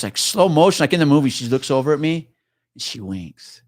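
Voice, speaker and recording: A middle-aged retired police officer, guest on a podcast, chatting in a relaxed way at an ordinary pitch. He drawls out his stories, swears, and calls people man. The sound is dry and close to the mic. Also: a little fast, dry recording. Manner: laid-back storyteller, says man a lot, swears. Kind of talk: casual chat.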